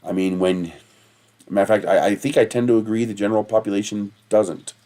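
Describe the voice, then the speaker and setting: A mellow, lowish male voice, steady in tone and a little fast, carries a casual livestream. The host spins meandering, swear-heavy stories and laughs along at them himself.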